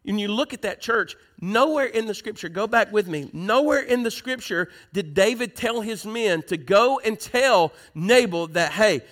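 A man's voice: high-pitched, lively intonation, moderate pace, few pauses, fairly bright tone. A man preaching a sermon in church, reading scripture aloud and asking the congregation questions.

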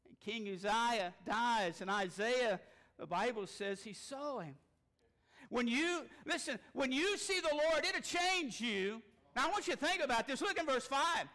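A man preaching a sermon, folksy and impassioned, rising to shouts. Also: extremely high pitch, lively intonation, moderate pace. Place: church sanctuary.

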